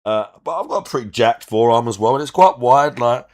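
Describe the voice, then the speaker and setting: A man's voice: medium pitch, lively intonation, fairly quick. Man critiquing and explaining at length. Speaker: reaction host. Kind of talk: reaction commentary.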